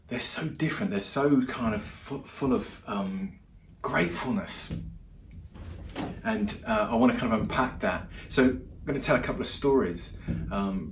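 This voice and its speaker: A man's voice: lowish voice, a little hiss or hum. A male preacher telling stories in a conversational sermon, often restarting his sentences. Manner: conversational storytelling with many restarts. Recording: roomy hall echo with faint ambience.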